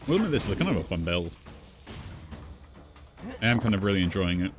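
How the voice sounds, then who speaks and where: A man with a low, deep voice talks casually through a game he is playing. He thinks out loud, weighing each move as he goes. Soft game music plays faintly in the background. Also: big pitch swings, quick pace. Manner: musing, thinks aloud while playing. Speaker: gaming streamer. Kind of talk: casual gameplay commentary.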